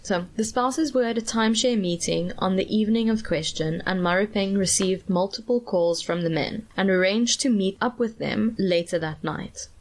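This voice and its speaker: A woman's voice: mid-range voice, moderate pace, hardly any pauses. A South African woman co-hosting a podcast, telling a true-crime story in a chatty way and laughing often as she goes. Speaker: podcast co-host.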